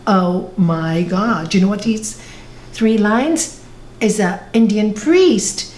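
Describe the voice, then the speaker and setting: A woman's voice: mid-range voice, animated, takes it slowly. A woman spiritual teacher answering audience questions on a video call, telling stories earnestly and correcting herself as she goes. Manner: storytelling, warm and earnest, with self-corrections. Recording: echoey video call room with faint noise.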